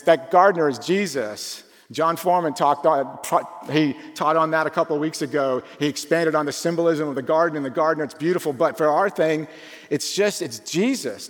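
A man preaching a conversational sermon, informal and full of rhetorical questions, shifting between quick asides and slow emphatic phrases. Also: fairly high pitch. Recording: long reverb from a large hall.

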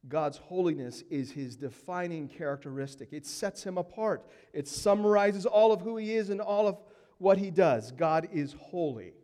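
A man's voice: high voice, normal speed. Emphatic preacher man in a reverberant hall. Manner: emphatic preaching, swinging from hushed to loud. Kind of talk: sermon.

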